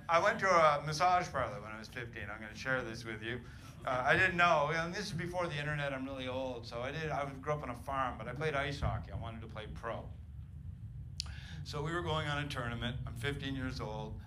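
A middle-aged man doing a profane stand-up comedy set in a club, ranting with loud punchlines. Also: mid-range voice, fairly quick. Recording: noisy live club recording. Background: audience laughter.

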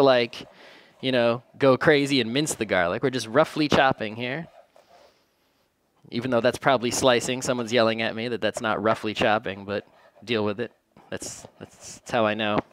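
A man's voice: medium pitch, normal speed, a bit bright. A man casually narrating his home cooking in a kitchen, rambling and joking at his own expense. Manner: joking, rambling, self-deprecating. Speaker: home cook vlogger.

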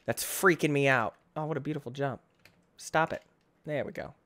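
A young man giving excitable playthrough commentary, breaking into sudden high yelps and self-mocking groans. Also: moderate pace. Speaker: gaming channel host.

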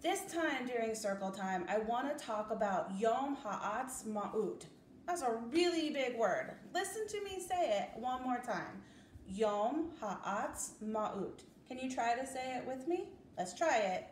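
A young woman leading circle time for preschoolers as their teacher, talking slowly in a sing-song, coaxing way. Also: on the high side, very animated, roomy sound, slight background noise. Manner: slow, sing-song, coaxing children to repeat.

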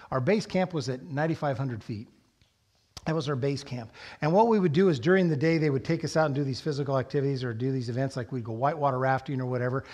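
A middle-aged man preaching a sermon in a church, telling a personal story with animated, rising emphasis. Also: medium pitch. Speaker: pastor. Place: church sanctuary.

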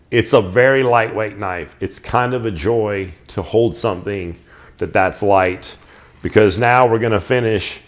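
A middle-aged man casually showing off his knives, enthusiastic and rambling, often restarting his sentences. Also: on the low side. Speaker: knife collector reviewing knives. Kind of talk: casual show-and-tell.

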